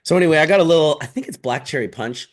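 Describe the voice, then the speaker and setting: A man hosting a loose live stream from his office, talking loudly and swearing as he jokes and tells stories. His voice sits a little high for a man. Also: lively intonation, rapid-fire. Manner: loud, swearing, joking, storytelling. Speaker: host. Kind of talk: casual chat on a live video stream.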